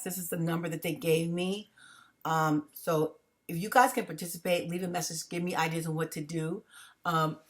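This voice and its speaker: A woman talks straight into her camera, rambling, restarting and filling every pause. She is under heavy stress and sounds it, her voice a little on the low side. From United States. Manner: rambling, halting, many fillers and restarts. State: stressed, agitated. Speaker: vlogger. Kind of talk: emotional personal vlog.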